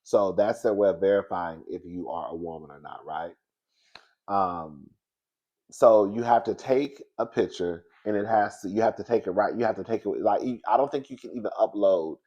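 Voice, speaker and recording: Man, sassy gossip host, animated, frequent laughter. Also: fairly low pitch, normal speed, lo-fi sound. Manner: animated, sassy, laughs often, calls listeners girl and baby. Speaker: commentary show host. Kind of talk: casual gossip commentary.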